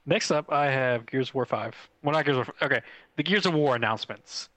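A young man co-hosting a casual gaming podcast, telling stories excitedly with lots of fillers. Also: medium pitch, dry recording, rough recording. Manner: excitable, fast storytelling with swearing and many fillers. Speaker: podcast co-host.

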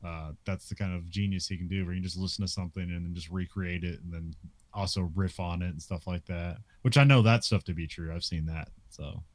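A man's voice: sits low, fairly even intonation, brisk, no echo. A man co-hosting a podcast, recapping a film in casual chat, laughing often and filling his sentences with "like" and restarts. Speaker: podcast co-host.

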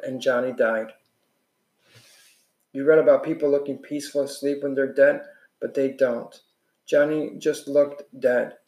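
A man's voice: mid-range voice, darkish tone. A man reading a novel aloud in an earnest way, sometimes restarting a phrase. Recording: echoey room.

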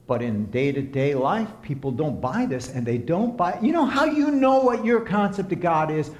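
A man preaching a sermon and counseling as he talks, impassioned, swinging from soft to emphatic. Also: fairly high pitch, sing-song, moderate pace. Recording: echoey room.

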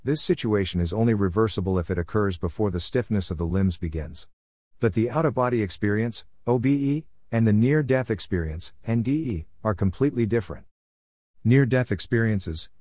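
Earnest low-voiced man narrating. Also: animated, a little fast, warm tone, no echo, studio quality. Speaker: narrator of a personal testimony. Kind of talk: scripted voice-over narration.

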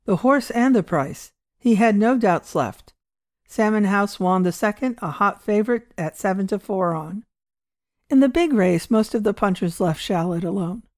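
A woman narrates a story in a measured, steady voice of middling pitch. The recording is dry and close, with no room echo. Her reading keeps an even storytelling pace. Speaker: audiobook reader.

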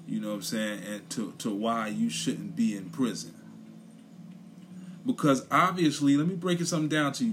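A young man from Brooklyn, New York, working as a commentator, speaks in a mid-range voice with a little hiss or hum in the audio. In casual chat he delivers a blunt, profane opinion rant and keeps repeating his points to drive them home.

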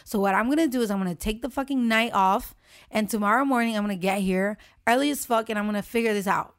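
A young woman in casual chat, telling a story with lively acted-out quotes and frequent swearing. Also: mid-range voice, fast talker. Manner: animated storytelling, acts out quotes, swears freely.

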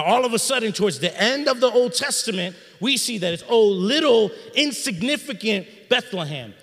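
A middle-aged man preaching a sermon in a church sanctuary, in an energetic, conversational style with slang. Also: high-pitched, big-room sound. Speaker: pastor.

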